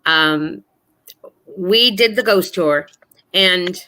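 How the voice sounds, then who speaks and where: A woman with a low-set but bright, forceful voice tells a ghost story in loose, casual chat. She rambles earnestly, stopping for fillers and restarts as she goes. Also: moderate pace. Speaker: guest storyteller.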